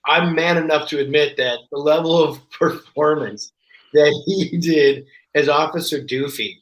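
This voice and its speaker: Man, podcast guest, lively storyteller who acts out the voices he quotes, voice a little high, echoey room. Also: measured pace. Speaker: guest actor. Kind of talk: casual podcast chat. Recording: roomy echo.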